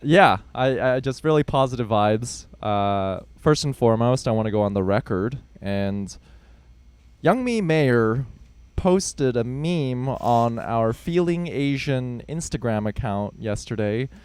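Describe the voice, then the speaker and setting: A young man co-hosting a podcast, chatting in a relaxed, upbeat way. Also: mid-range voice, unhurried, smooth, no room sound. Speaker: podcast co-host. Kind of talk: casual chat.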